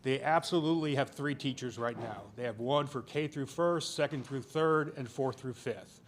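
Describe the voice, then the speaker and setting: A man's voice: mid-range voice, moderate pace, slight background noise. A man speaking as a parent during public comment at a school board meeting, emotional and pleading.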